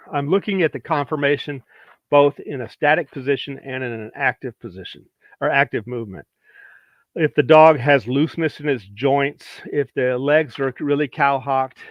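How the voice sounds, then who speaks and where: A man's voice: medium pitch, no echo. Plain-spoken man, dull dry recording. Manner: plain-spoken, practical, repeats points for emphasis. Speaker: dog breeder and trainer. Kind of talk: instructional talk.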